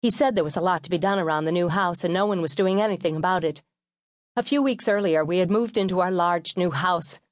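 Woman memoir narrator, measured and wry, low voice, dry studio sound. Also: no echo. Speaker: audiobook narrator.

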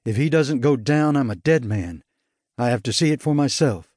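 A cagey young man on a call, flat and insistent, voiced by a male audiobook narrator. Middle pitch, in a close and very dry recording. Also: moderate pace, no echo, lightly acted. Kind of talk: audiobook character voice.

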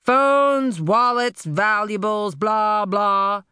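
A woman voicing a calm, soft-spoken masked male robber who talks in an unhurried, mockingly polite, almost soothing way. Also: mid-range voice, clean tone, dry recording, studio quality, pitched above the performer's own voice. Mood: calm, polite menace.

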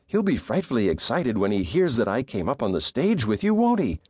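A man voicing a cheerful, trusting young woman in an audiobook, bright and eager. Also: mid-range voice, wildly swooping pitch, fairly quick, slightly rough, no echo, studio quality. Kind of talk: audiobook character voice.

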